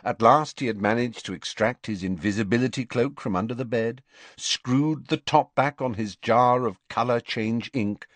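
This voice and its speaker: A man narrating an audiobook in an unhurried, expressive storytelling manner. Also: mid-range voice, dry recording. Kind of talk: scripted narration.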